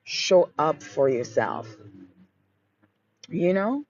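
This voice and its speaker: A woman's voice: sits low, measured pace, darkish tone, highs cut off. A woman with a Haitian accent hosting a live Q&A, speaking emphatically in affirming, repeated mantras and calling listeners honey and baby. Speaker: host of a live Q&A. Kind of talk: motivational livestream talk.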